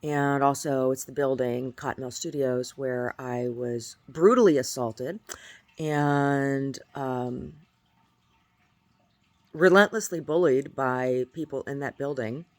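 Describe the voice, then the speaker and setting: A woman's voice: rumbling low, takes it slowly. A woman speaks into her video diary in a loose, casual way. She sounds aggrieved and rambles, often stopping to restart her phrases. She is recording at home with her cats nearby. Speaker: video diarist.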